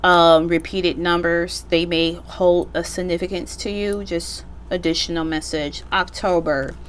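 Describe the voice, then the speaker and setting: A woman's voice: lowish voice, steady tone, measured pace, slight background noise. A woman giving a casual pick-a-card tarot reading, chatty and slangy, joking about herself and swearing offhandedly. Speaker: tarot reader.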